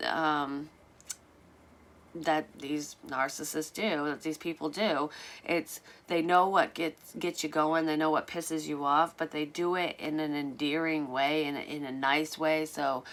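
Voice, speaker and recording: A woman's voice: sits low, a bit bright. A woman telling a personal story in a casual vlog, candid and rambling, swearing freely and filling gaps with "um".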